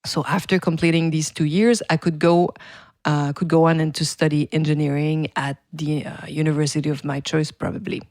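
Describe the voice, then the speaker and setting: A middle-aged woman from Quebec, Canada, a native French speaker with a French Canadian accent, hosts a podcast in a chatty, casual way, laughing often and correcting herself. Her voice is deep, level, and a little mellow at a moderate pace, in clean studio sound with no room sound.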